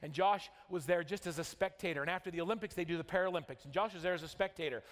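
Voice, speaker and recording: A man's voice: sits high, very fast. A man from Utah giving an emphatic keynote speech at a conference, telling a story and dropping his voice for dramatic moments. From Utah, USA. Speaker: motivational speaker. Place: large conference hall. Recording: long hall reverb.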